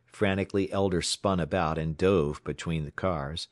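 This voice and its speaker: Deep-voiced expressive male narrator. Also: moderate pace, dry recording, studio quality. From United States. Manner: expressive, dramatic storytelling. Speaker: audiobook narrator. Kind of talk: scripted narration.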